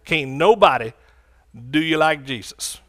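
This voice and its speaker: A man's voice: a little high, lively intonation, a little slow, pushed and bright. A man preaching a sermon with fervent energy, calling out to his congregation for responses.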